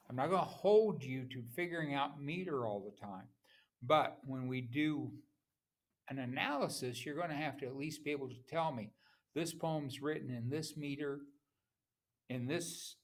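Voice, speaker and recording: A man teaching a lecture on poetry, speaking haltingly with frequent pauses and restarts, sometimes tapping out rhythms aloud. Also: a little high, a bit bright. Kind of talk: classroom lecture.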